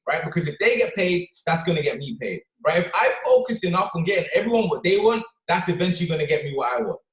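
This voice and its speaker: A man giving an energetic motivational talk on a team call, punctuating his points with "right?" and "okay?". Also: high voice, fast talker, hardly any pauses. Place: office or London. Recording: echoey room.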